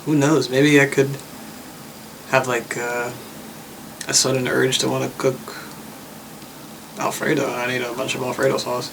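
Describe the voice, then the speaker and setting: Brief: young male vlogger, gravelly and mid-pitched, easygoing rambling chat, faint noise behind. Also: normal speed, pauses often, low-quality recording. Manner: relaxed, rambling and reflective, with many likes and uhs. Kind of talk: casual vlog chat.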